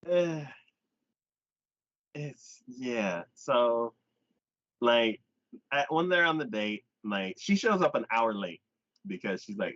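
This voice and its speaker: A man hosts a casual anime chat, retelling an episode with a lively, swooping voice and quick voiced asides. The sound is dry and close, with a slightly dull, lo-fi quality. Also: medium pitch, no echo. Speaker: anime podcast host.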